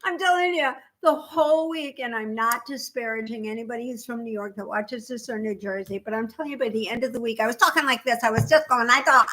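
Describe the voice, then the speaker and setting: An older woman with a fairly high voice co-hosts a relaxed craft podcast. She tells stories with lots of energy, bouncing between her own voice and the voices of people in the story. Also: fast, hardly any pauses. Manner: animated storyteller, acts out voices. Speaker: podcast co-host. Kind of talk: casual chat.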